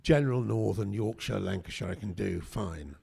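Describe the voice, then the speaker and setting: A man's voice: lowish voice, moderate pace, gravelly, a little mellow, slightly rough. An older man, a guest actor, telling chatty anecdotes at a convention panel interview, with frequent restarts. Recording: echoey hall.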